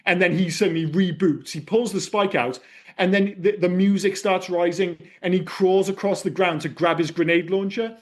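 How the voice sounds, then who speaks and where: A man's voice: high voice, fairly even intonation, normal speed. A man on a film podcast, ranting and swearing casually as he picks apart a movie. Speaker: podcast host. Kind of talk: casual film-review chat.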